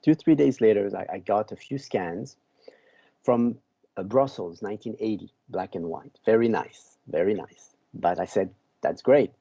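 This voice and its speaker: A man from Belgium, a podcast guest who tells a long story slowly and often repeats words as he searches for them. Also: fairly low pitch, gravelly, dark tone, dry recording, highs cut off. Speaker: podcast guest, book author.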